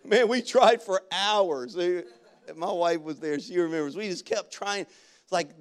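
A male pastor delivering a sermon with a fairly high-pitched voice. He preaches in a loose, storytelling way with casual slang and now and then breaks into loud, energetic shouts. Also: a little slow. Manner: animated preaching that jumps into loud shouted bursts. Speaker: guest pastor.

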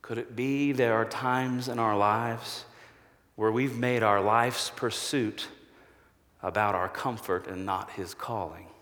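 A man preaching a sermon as a pastor, measured and slow with long pauses, falling to a hushed voice for quoted promises. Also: on the low side, steady tone. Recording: long hall reverb.

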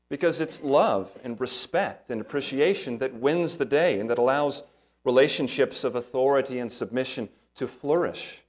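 A man, a pastor, preaching an earnest sermon, stressing points and asking rhetorical questions. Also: medium pitch.

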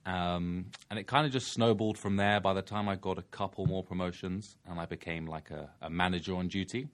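A man's voice: deep voice, fairly even intonation, brisk. A man with a London accent, chatting casually as a podcast guest with dry, laid-back humor. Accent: London English. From England. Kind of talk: casual chat.

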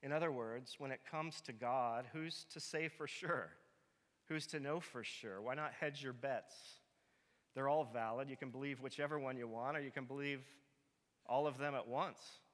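A man's voice: medium pitch, fairly even intonation, normal speed, a bit bright. A male pastor preaching a sermon, emphatic and direct, often asking his listeners rhetorical questions. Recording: long reverb of a large hall.

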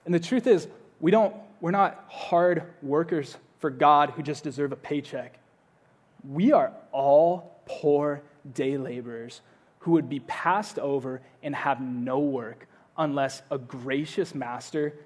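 A man preaching a sermon, earnest, repeating his phrases and swinging between loud urging and hushed appeals. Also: fairly high pitch, slow. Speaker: pastor.

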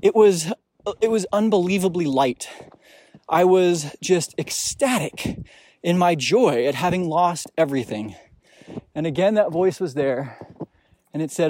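A young man hosting a podcast, telling a deeply personal story in a reflective, emotional way with frequent restarts. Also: lively intonation, measured pace, pauses often, darkish tone, no echo. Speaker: podcast host. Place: outdoors on a snowy mountain.

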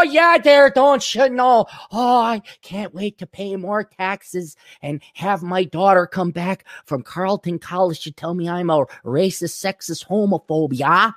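A man's voice: high-pitched, expressive, unhurried, no room sound, studio quality, pitched above the performer's own voice. A man putting on the voice of a smug, middle-aged Minnesotan father with a drawling, mocking sing-song.

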